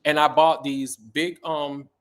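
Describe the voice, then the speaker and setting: A middle-aged man tells a story with a sassy, animated flair. His voice sits a little high, and he acts out the people he quotes. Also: slow. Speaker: guest. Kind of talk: casual storytelling interview.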